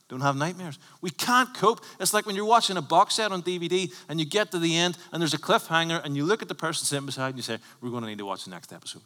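A man preaching a sermon as a pastor, conversational and emphatic, swinging from loud bursts to hushed lines. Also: a little high, animated, fast talker, few pauses, big-room sound. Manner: emphatic, conversational preaching with sudden bursts and drops to near whisper. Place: church.

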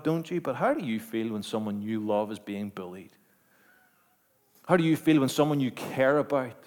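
A man preaching a sermon, moving between quiet, measured storytelling and loud, emphatic declarations with rhetorical questions. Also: medium pitch. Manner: dynamic, swings from hushed to emphatic, rhetorical questions.

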